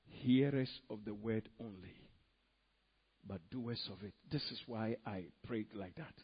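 A man preaching a sermon, moving between hushed pleading and loud, emphatic bursts. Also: mid-range voice, breathy edge, muffled recording.

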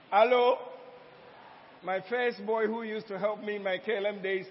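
A man's voice: high-pitched, steady tone, moderate pace. A man preaching a sermon as pastor, mixing teaching with asides to the congregation. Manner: preaching with call-and-response asides and laughter. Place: church hall. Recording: dull sound with long hall reverb.

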